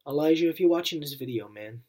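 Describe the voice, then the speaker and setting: Breathy young man with a wavering, earnest voice. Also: on the high side, lively intonation, quick pace, mellow. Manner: earnest and repetitive, circling back to the same phrases. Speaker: channel owner. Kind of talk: heartfelt thank-you vlog to camera.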